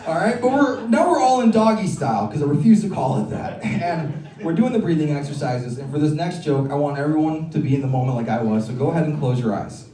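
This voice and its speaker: A brash man works the crowd in a stand-up set, crude and teasing, his voice a touch high for a man. He sounds roomy and set back from the mic in a live comedy club, with audience laughter audible behind him. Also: expressive, a little fast, warm tone, far from the mic.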